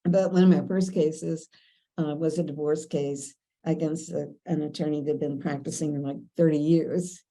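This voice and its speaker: An older woman from Kentucky recalls her years as a lawyer, chatting loosely with plenty of fillers and frequent laughs. Her voice sits a little low and sounds deeply mellow and relaxed. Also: moderate pace, poor audio. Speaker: veteran lawyer. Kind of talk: storytelling interview.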